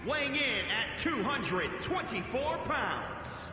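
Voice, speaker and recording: A booming wrestling ring announcer. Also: male voice, big pitch swings, exaggerated voice. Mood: announcing. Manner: slow, booming, stretched-out words. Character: adult male arena ring announcer, grand and formal. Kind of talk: drawn-out arena ring announcing. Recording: echoey arena hall with music behind.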